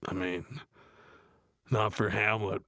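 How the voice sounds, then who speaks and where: An actor playing a gruff, blunt adult metal frontman, reading a play aloud in a deadpan, grumbling way and mocking the text. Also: fairly low pitch, slow, no room sound, studio quality, full character voice. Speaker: reader of a play. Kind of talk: comedic read-aloud with running complaints.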